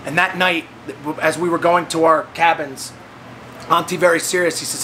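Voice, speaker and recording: Animated man telling a story. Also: normal speed, a little hiss or hum. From United States. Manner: animated, acts out quoted voices with big pitch jumps. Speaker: host of the fitness training program. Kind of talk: casual storytelling.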